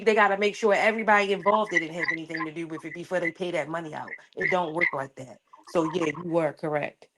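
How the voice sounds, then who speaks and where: A woman's voice: on the low side, noisy background. A woman co-hosting a casual livestream chat, agreeing and chiming in.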